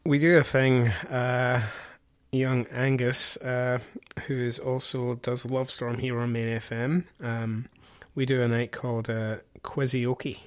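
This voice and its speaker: A man's voice: mid-range voice, little pitch movement, takes it slowly. A man hosting a radio show, chatting casually and rambling with many fillers. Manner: rambling, lots of ums and uhs. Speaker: radio host.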